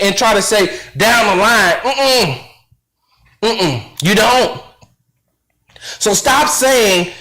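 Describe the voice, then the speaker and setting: A man's voice: high voice, sharp tone, echoey room, poor audio. A male radio host giving an impassioned commentary, fiery and rhetorical, repeating phrases for emphasis. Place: radio studio.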